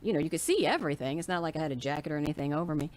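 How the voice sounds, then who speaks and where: A woman in her forties, appearing as an interview guest, chats candidly and casually about her life, acting out what people said to her. Her voice is low, animated and very fast.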